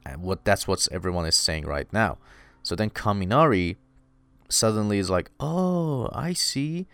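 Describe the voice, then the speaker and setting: Excitable low-voiced man recapping an episode. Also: moderate pace, clean tone, dry recording, faint music behind. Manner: excitable, reacts loudly, many "you know" fillers. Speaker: anime recap host.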